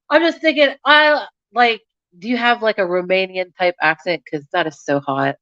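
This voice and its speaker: Her voice is medium-pitched and fairly bright, very animated yet a little slow. She's a young adult YouTube host chatting casually and frankly with viewers on a live stream, scattered in her talk and quick to laugh. The sound is dull and lo-fi.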